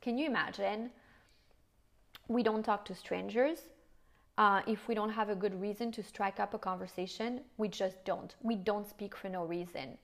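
A woman's voice: medium pitch, fairly even intonation, normal speed, vocal fry. A middle-aged French woman with a French accent, hosting a casual solo podcast, frank and swearing casually, slipping in French phrases. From France. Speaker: podcast host.

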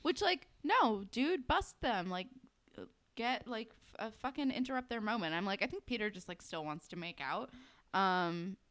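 A woman co-hosting a podcast, chatting casually about a TV episode with quick, playful reactions. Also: medium pitch, expressive, fairly bright tone. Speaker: podcast co-host. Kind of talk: casual chat recapping a TV episode.

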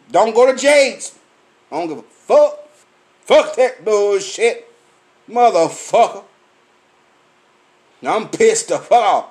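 A man's voice: high-pitched, a little mellow. A man, ranting angrily and profanely about food in a swaggering comic way. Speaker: vlogger. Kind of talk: profane rant.

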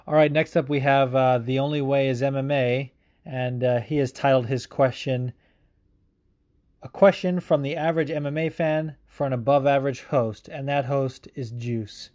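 A man's voice: medium pitch, fairly even intonation, normal speed, a little mellow, no echo, studio quality. A man hosting a podcast, casually answering listener questions in a joking, profane, mock-grand way. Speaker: podcast host.

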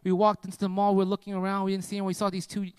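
High-voiced preacher, hushed to loud. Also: male voice, monotone, racing, clean tone, dry recording. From United States. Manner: dramatic swings from hushed to loud, constant "right?" tags. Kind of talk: sermon with personal storytelling.

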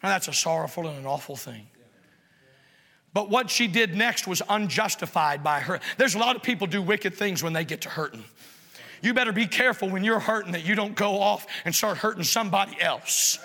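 A man delivers a fervent sermon, his voice sitting very high and ringing bright. He presses his points hard and climbs into shouts. A long church reverb trails behind him. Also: expressive, fairly quick, gravelly. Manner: impassioned preaching, rising to shouts. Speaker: pastor. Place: church sanctuary.

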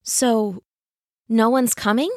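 A woman's voice: fairly high pitch, steady tone, slow pace, a little mellow, dry recording, studio quality. Woman reading as a weak, shaken teenage girl. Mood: weak, guilty.

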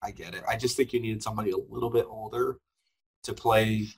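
Husky-voiced man in casual podcast chat. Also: fairly low pitch, fairly quick. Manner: animated, laughs often, many fillers. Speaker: podcast co-host. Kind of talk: casual chat reviewing a film.

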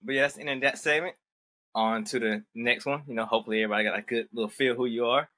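A man's voice: medium pitch, fairly even intonation, rapid-fire, sharp tone. A man hosting a casual interview podcast, laid-back and hesitant, with lots of fillers as he asks questions. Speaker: podcast host.

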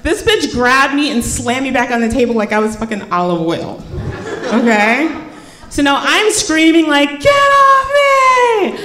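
A woman telling a comedic story on stage, animated and swearing, acting out voices. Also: sits high, normal speed. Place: live show before a laughing audience. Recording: roomy hall with crowd.

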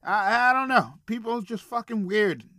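A man's voice: high voice, lively intonation, moderate pace, pushed and bright, no room sound, clean studio sound. A man hosting a solo podcast from a small room, ranting in a profane, exasperated way. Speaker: podcast host.

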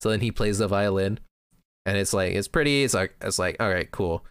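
A man's voice: lowish voice, a little fast, clean tone, dry recording, clean studio sound. A man chatting casually and recapping an anime show as a podcast host, laughing often.

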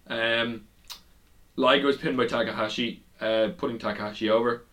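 A man's voice: medium pitch, steady tone, moderate pace, fairly bright tone. A young man co-hosting a casual wrestling podcast, rambling through match results with frequent restarts and laughter. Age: young adult. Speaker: podcast co-host.

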